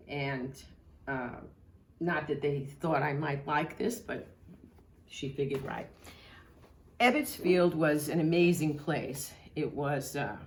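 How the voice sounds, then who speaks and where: Brief: older woman, slow fond reminiscence, echoey room. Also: low voice, a little mellow, a little hiss or hum. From Brooklyn, New York. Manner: fond, storytelling delivery. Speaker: local history speaker. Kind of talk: reminiscing talk.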